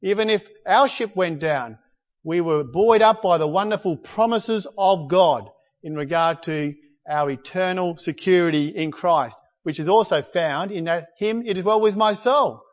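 A man preaching a sermon, animated and at times rising to near-shouts. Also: high-pitched, unhurried. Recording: dull lo-fi sound with long hall reverb.

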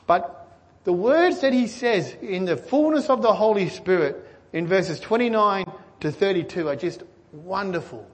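A man preaching a sermon, earnestly asking his listeners questions and swinging between excited and hushed delivery. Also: sits high, moderate pace. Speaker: pastor.

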